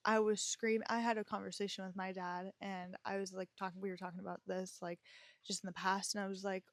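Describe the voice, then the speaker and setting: A woman speaking candidly into the mic as she tells her own story, reflective and confessional, her talk full of filler words. Her voice sits at an ordinary middle pitch. The sound is close and dry, with no room echo. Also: little pitch movement, a little fast. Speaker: podcast host.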